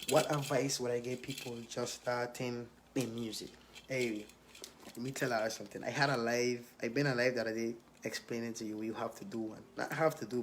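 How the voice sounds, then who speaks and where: A man's voice: medium pitch, a bit bright, slight background noise. A young man with a Virgin Islands accent, a rapper casually reading out and answering questions in a streetwise, laid-back way.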